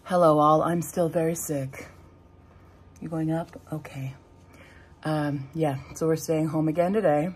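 A young woman, hoarse from a sore throat, chatting in a rambling, wry way in a casual vlog at home. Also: deep voice, steady tone, a little slow, pauses often, darkish tone. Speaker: vlogger. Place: at home indoors.

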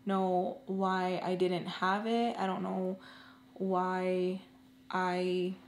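A woman in her twenties tells a personal story to her viewers in a casual, earnest way. She stops and restarts often and fills her pauses with "like". The room sounds roomy, with a faint hum underneath. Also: fairly low pitch, little pitch movement. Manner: halting, full of "like" and restarts; earnest and emotional. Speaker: storytelling vlogger.

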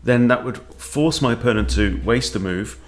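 A man's voice: mid-range voice, normal speed. A man who coaches chess, thinking aloud as he plays and talking to himself with wry asides. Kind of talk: thinking-aloud game commentary.

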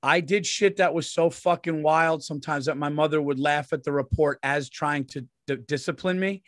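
A man's voice: fairly high pitch, normal speed, dry recording, clean studio sound. A man in his forties telling rambling, profane stories as a comedian co-host in casual podcast chat. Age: 40s.

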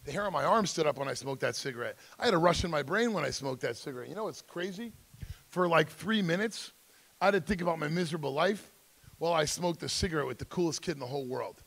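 Middle-aged man, gravelly and slightly high-pitched, speaker at a school seminar, intense personal storytelling. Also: animated, fast, fairly bright tone. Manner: acts out quoted voices, emphatic, intense.

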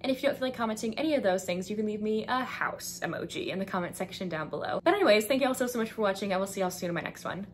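A young woman with a lilt chats through her book recommendations, peppering every line with fillers. She slips into quick voices for the characters as she retells the stories. Her pitch sits in an ordinary middle range, with a faint hiss in the recording. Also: animated. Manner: chatty, frequent fillers, acts out characters' lines. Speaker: book vlogger.

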